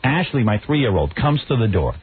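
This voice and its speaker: A man's voice: mid-range voice, normal speed, crowd noise. A man hosting a radio talk show, telling a comic story and acting out the quotes in a raised voice. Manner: animated, acts out quotes in raised voice. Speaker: radio host. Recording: tinny phone-like radio broadcast.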